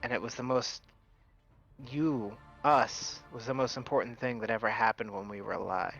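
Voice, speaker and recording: A man's voice: mid-range voice, fairly even intonation, moderate pace, vocal fry, fairly bright tone, muffled recording, faint music behind. A man doing a tender angel fiance. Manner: tender, reassuring. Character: gentle dead male fiance returned as angel.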